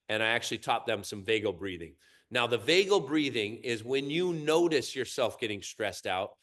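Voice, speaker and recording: A middle-aged man teaching in a workshop, explaining and counting through a slow breathing exercise in a calm, measured way. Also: mid-range voice. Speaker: qigong teacher.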